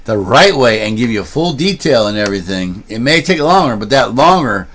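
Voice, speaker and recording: Man, casual livestream chat, rambling storyteller, handheld camera, mid-pitched voice. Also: sing-song, fairly quick, fairly bright tone. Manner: chatty storyteller, rambles with restarts and asides. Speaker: streamer and vlogger.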